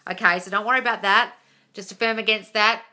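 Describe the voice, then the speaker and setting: A woman hosts a casual live Q&A into her phone. Her voice is very bright and sharp. She chats freely, swears, and calls her viewers darling. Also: mid-range voice, fairly even intonation, fast talker. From England. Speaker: host.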